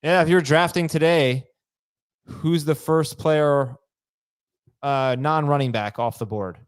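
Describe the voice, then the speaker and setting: A man with a slightly raised voice hosts a sports talk show and moves it along briskly. His voice is dry and close, with no room around it. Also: fairly high pitch, clean tone, no echo. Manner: brisk, steers the segments. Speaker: podcast host.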